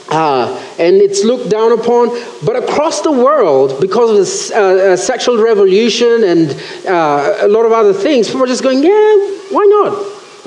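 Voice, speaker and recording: A man preaching a sermon in church, animated and acting out the voices he quotes. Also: very high voice. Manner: animated, acts out quoted voices, self-correcting. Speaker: pastor. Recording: roomy church echo.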